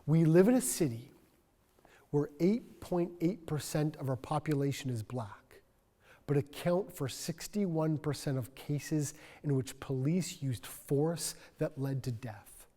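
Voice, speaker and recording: A male pastor preaching a sermon in a church, earnest and reflective, dropping to a soft voice for emphasis. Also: a little high, measured pace, in a large hall. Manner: earnest, reflective, soft-spoken at key points. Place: church sanctuary.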